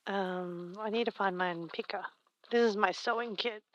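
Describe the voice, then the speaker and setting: A woman livestreams casually from home, mending a pillow while she chats and thinks aloud in a playful, rambling way. Her mid-range voice moves at a moderate pace. The audio is dull, with no room sound.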